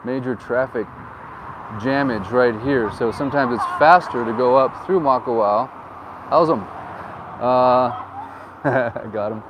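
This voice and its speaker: A male real estate agent tours a town street outdoors, riding through and making upbeat, joking commentary with rambling asides. He talks at a measured pace in a medium-pitched voice and pauses often. The audio from his windsock mic is dull, with faint wind and traffic in the background.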